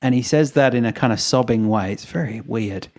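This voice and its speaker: A man's voice: mid-range voice, fairly quick, a little mellow. A man, co-hosting a podcast, retelling events in a rambling, wry way with chuckles. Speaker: podcast co-host. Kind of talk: casual storytelling chat.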